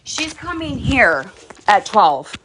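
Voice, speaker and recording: A woman's voice: fairly high pitch, sing-song, slow, a bit bright, a little hiss or hum. A young adult woman livestreaming from home, rambling, defensive and repetitive. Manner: rambling, repeating herself, defensive. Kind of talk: emotional livestream rant. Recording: echoey room, mic held off at a distance.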